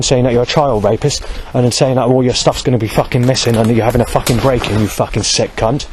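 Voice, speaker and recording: Man, agitated vlog rant, heavy profanity, restless self-correcting delivery, a bit higher pitched. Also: darkish tone, a little hiss or hum, poor audio. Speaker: vlogger. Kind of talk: angry spoken account.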